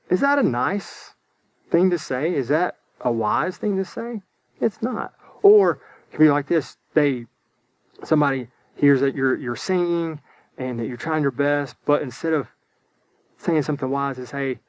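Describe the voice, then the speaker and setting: A man's voice: medium pitch, unhurried, no echo. A man teaching a children's church lesson in an upbeat, simple way, often repeating words and checking in with his young listeners.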